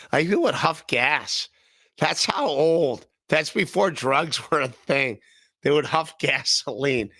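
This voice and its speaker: Gravelly, profane podcast host from Ohio. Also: male voice, a little high, bright, forceful tone, no room sound, studio quality. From Northeast Ohio. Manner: rambling, profane, laughing often, repeating himself. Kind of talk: casual livestream chat reading chat comments.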